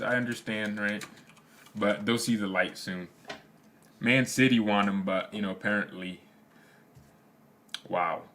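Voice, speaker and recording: A young man with a fairly low voice chats casually on a fan livestream. He rambles in slang and laughs a lot as he reads out comments. Keyboard typing clicks away in the background. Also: fairly bright tone. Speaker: fan channel host.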